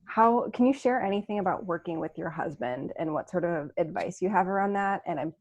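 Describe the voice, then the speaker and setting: A woman's voice: fairly low pitch, brisk, darkish tone. A woman hosting a casual interview podcast, asking curious questions and restarting her sentences as she chats. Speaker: podcast host.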